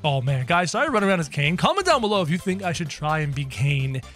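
Excitable high-voiced man gaming. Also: fast, faint music behind. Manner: excitable, talks to viewers. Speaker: gaming youtuber. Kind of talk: excited gameplay commentary.

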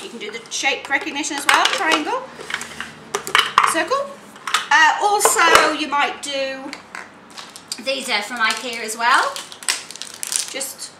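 A woman teaching phonics, sounding out words slowly in separate sounds and playing with toys. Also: high voice. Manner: animated and playful with children's toys. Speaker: literacy teacher. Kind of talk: teaching demonstration. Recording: echoey room, faint noise.

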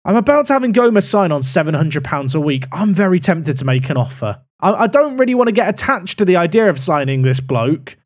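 Man, young adult, casual game commentary, high lively voice, wry musing. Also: brisk, hardly any pauses. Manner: musing aloud, wry asides, animated pitch swings. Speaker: gaming YouTuber.

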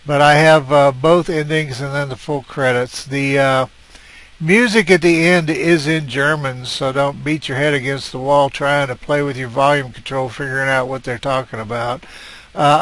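A man's voice: mid-range voice, a bit bright, dry recording. A man giving casual, rambling commentary on a game he is playing at his computer, hesitating often with "uh" fillers. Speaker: let's play gamer.

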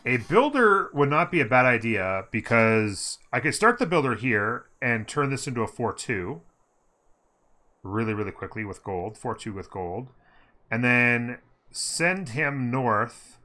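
Playing a strategy game, this commentator keeps things upbeat and casual, musing aloud and humming along. He has a mid-range voice with a sharp tone.

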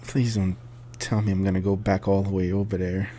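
A man commenting on his horror game play, yelling and screaming at scares and dropping to whispers in tense moments. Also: low voice, flat delivery, brisk, slight background noise. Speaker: gameplay commentator.

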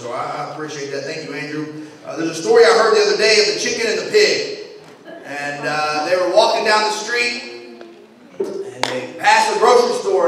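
A male pastor preaching in a joking, conversational way, his voice sitting high for a man. He is heard from well back in a big hall, the long reverb washing around every line. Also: fairly bright tone, slight background noise. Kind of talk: sermon. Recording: echoey hall, mic far off.

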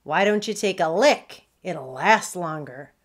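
A bold, gruff pug pirate girl with a gold tooth, taunting in salty pirate talk, as a woman puts her on. Her voice sits a bit higher and louder, with a lively, swooping lilt and an unhurried delivery. Storybook read-aloud.

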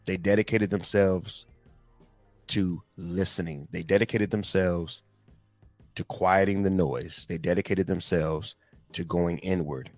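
Low and a little mellow, a male motivational host's voice comes through with no echo. He keeps his talk casual, reads scripture, and addresses listeners directly as guys in slangy, emphatic bursts.

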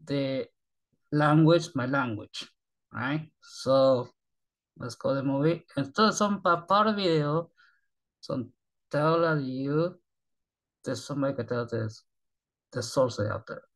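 Halting man in his thirties. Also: mid-range voice, rough recording. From Japan. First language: Japanese. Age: 30s. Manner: halting broken English, often trailing off softly. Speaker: reaction video host. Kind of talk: rambling casual monologue.

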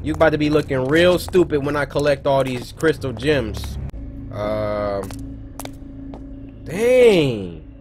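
A man giving lively let's play commentary, joking and shouting as he plays a horror game. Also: mid-range voice, slow pace, pauses often, soft background music. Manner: animated, yelps and jokes while playing. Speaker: gaming video host.

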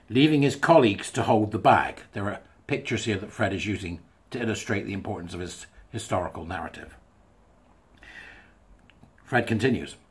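Male commentator, husky, reads a text aloud and riffs on it casually. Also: medium pitch. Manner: chatty, wry asides, breaks into laughs. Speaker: commentator reading a thread aloud. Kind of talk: casual monologue reading and commenting.

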